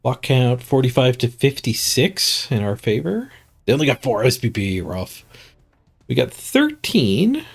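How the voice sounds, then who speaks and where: Unhurried and gravelly, slightly rough, with wildly swooping pitch around a medium level, a man streams a game. He's a bit stuffed up, reading stats, chuckling at them and musing to himself in casual commentary.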